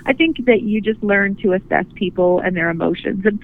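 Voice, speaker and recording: A woman guest, a photographer, speaking earnestly and gently in a phone interview, often restarting her sentences. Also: medium pitch, a little fast. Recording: tinny phone line.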